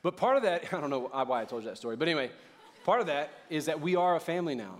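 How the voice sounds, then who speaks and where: A middle-aged man preaching a sermon in church, talking casually and joking, then building up to loud, fervent preaching. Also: on the high side, very fast. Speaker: pastor.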